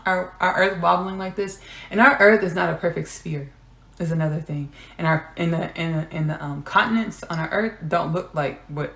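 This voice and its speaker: Gravelly-voiced woman in an echoey room. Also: lowish voice, moderate pace, fairly bright tone. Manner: repeats phrases, drifts into whispers. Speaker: podcast host. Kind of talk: spiritual channeling monologue.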